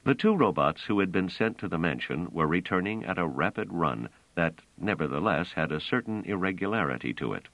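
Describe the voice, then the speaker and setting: A man narrating a science fiction audiobook in an expressive storytelling manner. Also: low voice, brisk, hardly any pauses, dry recording. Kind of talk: scripted narration. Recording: dull, dry audio.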